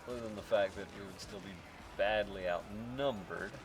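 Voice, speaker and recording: Low-voiced man muttering over gameplay. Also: normal speed. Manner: muttering to himself, wry, with sudden exasperated outbursts. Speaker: strategy game let's-player. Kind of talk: casual gameplay commentary. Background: game music.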